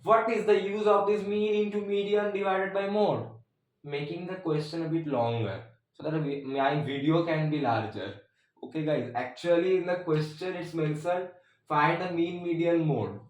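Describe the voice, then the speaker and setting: A man with a fairly high voice teaches a casual math lesson at normal speed, chatting, making joking asides and using "means" as a filler. The recording comes from a mic at a distance in a very echoey room.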